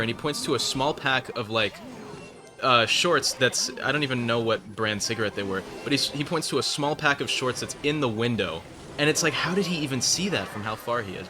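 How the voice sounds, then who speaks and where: A man's voice: mid-range voice, lively intonation, brisk, soft background music. A young man hosting a mobile game channel, telling a rambling story between plays and swearing at his opponents. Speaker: gaming channel host. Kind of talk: casual gameplay commentary with storytelling.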